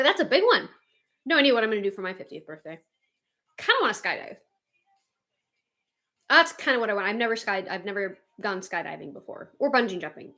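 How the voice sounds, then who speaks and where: A woman hosting a livestream, chatting casually with viewers and reading their comments, animated and quick to laugh. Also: mid-range voice, gravelly. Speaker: livestream host.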